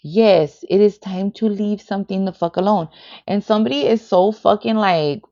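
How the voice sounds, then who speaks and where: A woman's voice: mid-range voice, moderate pace, dark tone, highs cut off. A woman reading tarot on a livestream, blunt and heavily profane, filling her talk with "like". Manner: profane and blunt, heavy "like" and "bitch" fillers. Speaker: tarot reader.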